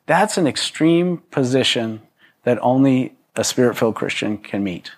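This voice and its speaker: With a mid-range voice, lively intonation and normal speed, a man preaches conversationally to a congregation. As a pastor, he keeps things loose, with jokes on the side and plenty of restarts.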